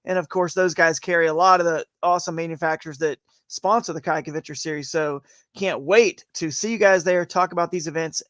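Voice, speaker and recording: A talkative man with a fairly high voice co-hosts a live stream, rambling through his points with quick restarts. His voice is recorded close and dry. He keeps an easy, casual chat going. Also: fairly bright tone, no echo. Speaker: co-host of a kayak fishing live show.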